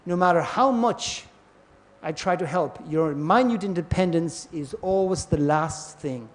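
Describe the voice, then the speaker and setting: A man's voice: fairly high pitch, measured pace. A man giving a scripture class lecture, telling parables and acting out the voices in them. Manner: storytelling, acts out voices in parables. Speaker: class speaker. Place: temple hall.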